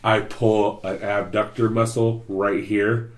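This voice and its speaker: A man's voice: fairly low pitch, flat delivery, slow. A man telling a long story in casual chat, loose and profane. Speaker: podcast co-host telling a story.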